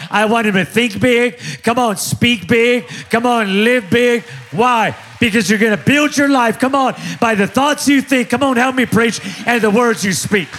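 A high-pitched pastor in his forties delivers an energetic sermon. He jokes with the congregation and hammers his points home through call-and-response repetition.

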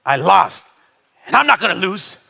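A middle-aged man preaching a sermon, his voice bright, forward and ringing. He swings widely in pitch, dropping low and quiet, then rising high and loud. He jokes and calls for responses from the congregation. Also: moderate pace, vocal fry, breathy edge. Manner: animated, playful preaching with jokes and call-and-response. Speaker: pastor. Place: church sanctuary.

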